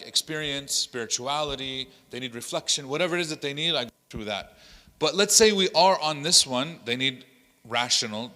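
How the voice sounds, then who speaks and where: An imam animatedly tells stories during a workshop lecture in a large Islamic center hall, voicing what people said and weaving Arabic phrases into his English. His medium-pitched voice sounds pushed and bright, with a big-room sound.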